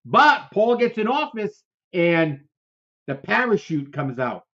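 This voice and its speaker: A man's voice: sits high, very animated, slow, pushed and bright. A man co-hosting a political commentary show, talking in a fiery, repetitive way full of rhetorical questions. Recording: dull lo-fi sound.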